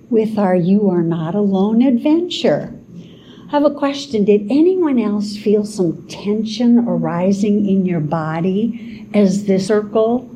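A woman minister giving a spiritual talk in an expressive, dramatic way, with exclamations and call and response. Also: mid-range voice, a little hiss or hum.

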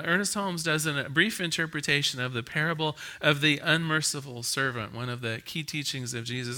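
A man preaching a conversational sermon, reading scripture aloud and telling stories with an animated, laughing manner. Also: fairly high pitch. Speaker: minister.

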